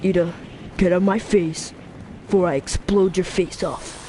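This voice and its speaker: A hot-tempered teenage boy growls blunt threats in a lowered, gruff voice, voiced by a woman. He snaps quick and short. Faint background hiss. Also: steady tone, mellow, close to an everyday voice. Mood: threatening. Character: hot-headed teen boy with explosive temper.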